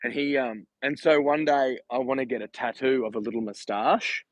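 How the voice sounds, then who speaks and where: A man's voice: medium pitch, fairly even intonation, moderate pace, dry recording, low-quality recording. Chatty man vlogging on a walk. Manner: chatty, rambling, laughs while telling stories. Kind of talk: casual walking vlog livestream. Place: outdoors, walking on a street.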